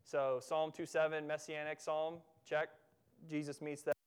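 A man delivers a sermon from the pulpit in a church, with a somewhat high, smooth and resonant voice. He preaches emphatically, repeating phrases for effect and drawing out the key words. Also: completely flat delivery, a little slow. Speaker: pastor.

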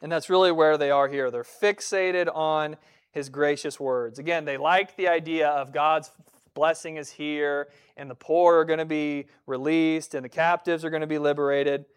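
Smooth-voiced male preacher. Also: fairly high pitch, fairly even intonation, normal speed. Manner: conversational preaching with frequent restarts and dramatic quoted voices. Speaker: pastor. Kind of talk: sermon.

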